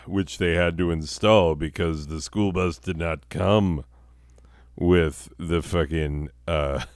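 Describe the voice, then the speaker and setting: Very deep, slow, profane rambling man. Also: steady tone, no room sound, studio quality. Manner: profane, meandering, laughs at own jokes; sarcastic. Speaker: podcast host. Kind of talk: rambling comedic monologue.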